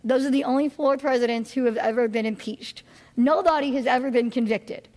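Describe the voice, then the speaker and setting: A woman's voice: high-pitched, brisk, a little mellow. A woman teaching a political science class in a casual, chatty way, with many fillers and restarts, putting questions to her listeners. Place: classroom or lecture hall. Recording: long hall reverb.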